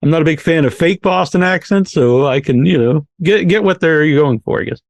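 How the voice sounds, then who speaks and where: A man's voice: fairly high pitch, animated, a little fast, creaky, no room sound. A man from Massachusetts hosting a podcast, asking questions with hesitant uhs. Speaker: podcast host. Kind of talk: interview questions.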